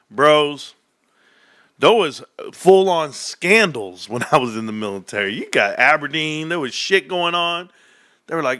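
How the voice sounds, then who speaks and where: Animated, lively-voiced male streamer. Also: a little high, normal speed. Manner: animated, swearing, laughing often. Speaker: livestream host. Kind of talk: casual livestream chat. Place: home desk setup.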